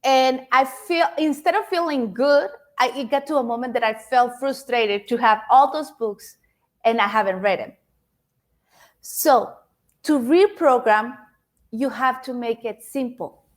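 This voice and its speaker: A woman with a high voice and a non-native accent gives an interactive motivational talk, speaking directly to her audience. She is chatty and repeats words as she goes. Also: measured pace. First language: not English. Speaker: speaker giving a self-help talk.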